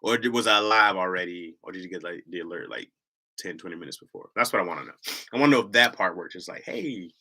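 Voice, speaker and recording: A man's voice: low-pitched, lively intonation, fast, sharp tone. A man with a Michigan accent hosting a livestream, chatting casually in a slangy, rambling way and laughing often. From Lansing, Michigan, US. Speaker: livestream host.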